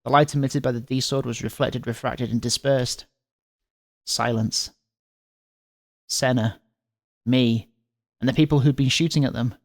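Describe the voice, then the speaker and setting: A man in a dramatic read-along. He has a mid-range voice and reads the story lines with mock intensity. Between lines he drops into quiet, joking asides. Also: medium pitch, steady tone, measured pace, pauses often, dry recording, clean studio sound. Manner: reads in dramatic voices, breaks off for muttered jokes. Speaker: streamer reading a visual novel aloud.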